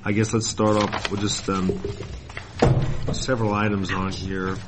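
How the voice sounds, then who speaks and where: A man chairing a county board meeting, brisk and procedural with a dry sense of humor. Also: on the low side, flat delivery, very noisy. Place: public meeting room.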